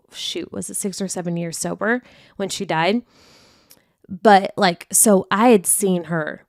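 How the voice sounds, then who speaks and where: A young woman hosts a podcast in a candid confessional monologue, speaking frankly and emotionally about hard personal events and acting out her own past outbursts. Her medium-pitched voice is clear and resonant, recorded at studio quality with no echo.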